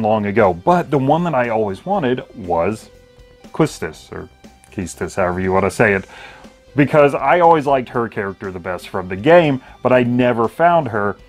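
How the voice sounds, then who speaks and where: A man's voice: medium pitch, lively intonation, moderate pace, soft background music. A man in his thirties co-hosting a casual chat, easygoing and matter-of-fact about his flea market finds. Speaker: co-host.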